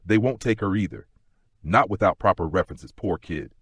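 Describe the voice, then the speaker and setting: A man voicing a sick consumptive man, weak and raspy, speaking with quiet calm. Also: deep voice, moderate pace, no echo, full character voice. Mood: resigned.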